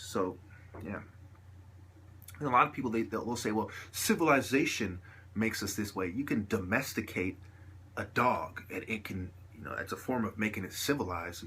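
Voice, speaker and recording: Guy vlogging, low voice, rambly and slangy, little bit of faint hiss behind. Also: fairly bright tone. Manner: rambling, slangy, sprinkled with "you dig". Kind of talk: casual monologue to camera.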